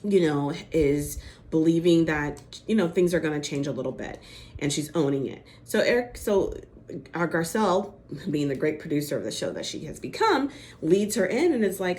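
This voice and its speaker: A woman with a low, darkish voice gives an animated yet casual recap of a reality TV episode at a normal pace, acting out the quotes. She's chatty, filling her speech with "like" and "you know," and there's a little hiss or hum.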